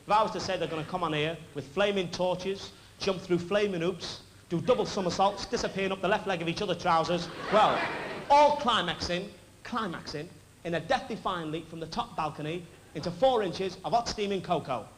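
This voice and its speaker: A cheeky male comedian rattles off stand-up patter from a theatre stage with a fairly high voice. The sound is a noisy old 1960s television broadcast, hiss clearly audible beneath him. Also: fairly bright tone. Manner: cheeky, quick joke-telling. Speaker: variety show host and comedian. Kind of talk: stand-up patter before a live audience. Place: theatre stage with live audience.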